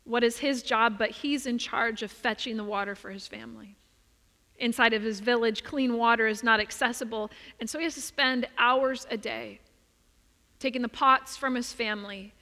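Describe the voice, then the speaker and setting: A woman preacher delivering a sermon built on a story, expressive and often dropping to soft emphasis. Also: fairly high pitch. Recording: long reverb of a large hall.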